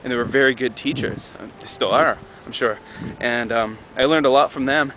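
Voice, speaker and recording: A young man in a vlog telling a personal story in a casual, animated way, acting out the dialogue. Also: normal speed, slight background noise, poor audio. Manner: animated, acts out dialogue with raised pitch.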